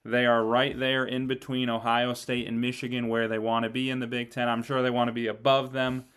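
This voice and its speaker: A man co-hosts a casual sports talk show, with a smooth, clear voice at a medium pitch. He talks in a relaxed, conversational way and uses "like" often. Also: a little fast. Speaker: sports podcast co-host.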